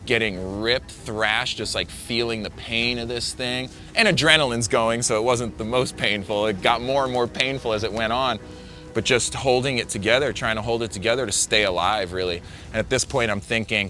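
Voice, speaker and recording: A man's voice: on the low side, sharp tone. A young man, a big wave surfer, recounting a near-death wipeout in vivid, breathless storytelling full of fillers.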